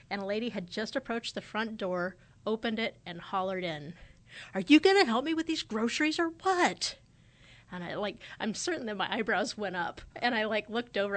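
A woman's voice: mid-range voice, fairly bright tone. A woman in her forties hosting a podcast, talking in a casual, thoughtful way. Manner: conversational and thoughtful, often acting out quoted remarks. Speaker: podcast host. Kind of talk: casual reflective podcast talk.

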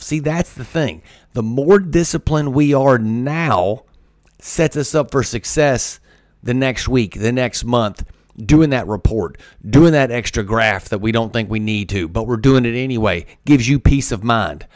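Speaking at a moderate pace in a mid-range, darkish voice, a man hosts a motivational podcast about discipline, hammering home his main points through repetition. His delivery is energetic, and the recording is dry with clean studio sound.

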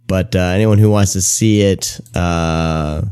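A man hosting a podcast in a casual chat, talking quickly and running his words together. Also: fairly low pitch, little pitch movement, mellow, smooth, no room sound, studio quality. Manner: talks fast, runs words together. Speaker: podcast host.

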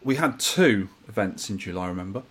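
A husky-voiced man co-hosting a podcast, chatting casually and joking as he reads out messages from listeners. His pitch swings up and down with plenty of life. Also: lively intonation, a little fast, a bit bright. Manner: jokey banter, reads listener messages aloud. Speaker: podcast co-host. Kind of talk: casual chat.

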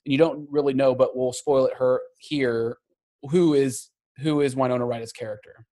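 A man co-hosting a casual film review chat, animated and quick to laugh, with frequent swearing. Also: mid-range voice. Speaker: podcast co-host.

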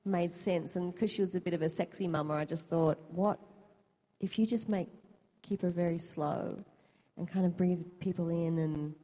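A woman's voice: fairly low pitch, moderate pace, dark tone. A woman actor chatting on a convention panel, laughing often and telling stories with animation. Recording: long hall reverb.

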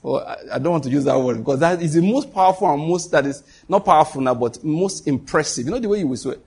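A middle-aged man preaches to his congregation in an animated, conversational way. His voice sits a little high and has a husky edge. He leads call-and-response and drops into quoted voices as he tells stories. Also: fast. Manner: animated, laughs often, shifts to quoted voices. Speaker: pastor. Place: church hall before a congregation.

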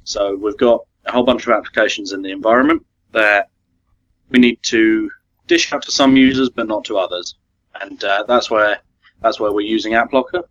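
Young english guy on a podcast, kinda low voice, dull lo-fi audio, lots of ums. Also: steady tone, fairly bright tone. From England. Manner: hesitant, fillers, quick laughs. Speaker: guest consultant. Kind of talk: casual podcast chat. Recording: dull lo-fi sound.

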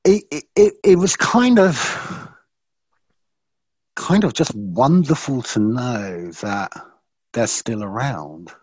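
A man guest on a podcast, reflectively telling a personal story in an earnest way and slowing down for emphasis. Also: mid-range voice, expressive, a little mellow, breathy edge, dry recording.

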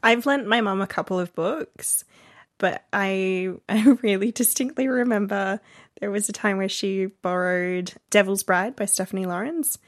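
A woman's voice: mid-range voice, fairly even intonation, unhurried. A woman in casual podcast chat, telling stories with amusement and laughing as she talks.

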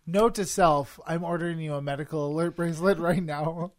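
A woman's voice: deep voice, fairly quick, a little mellow. A woman co-hosting a podcast, chatting casually with wry jokes. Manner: wry, joking. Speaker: podcast co-host. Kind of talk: casual chat.

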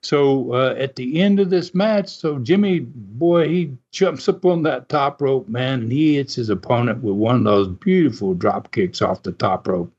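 A man casually telling an animated, folksy story and chuckling often as he goes. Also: mid-range voice, unhurried, few pauses, husky. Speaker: storyteller recalling wrestling TV. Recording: dull lo-fi sound.

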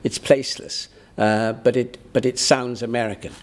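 A man, a performer, talking in a halting interview manner full of restarts. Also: medium pitch, fairly even intonation. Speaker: guest, impressionist performer. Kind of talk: conversational interview.

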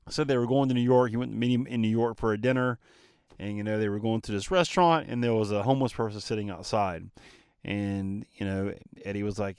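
A man's voice: fairly low pitch, clean tone, no room sound, clean studio sound. A man hosting his own podcast, telling a personal story in an earnest, emphatic monologue and speaking straight to his listeners. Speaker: podcast host.

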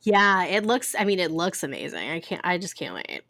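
A woman's voice: fairly low pitch, big pitch swings, moderate pace, bright, forceful tone, no echo. A woman co-hosting a podcast, chatting casually with lots of fillers. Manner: chatty, uses many fillers. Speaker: podcast co-host. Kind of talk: casual chat.

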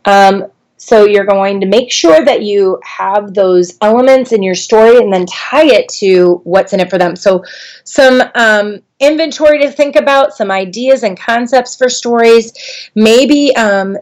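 A woman's voice: medium pitch, a little slow. Chatty woman trainer telling a story. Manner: conversational, animated in storytelling, frequent ums. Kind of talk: instructional talk with personal story.

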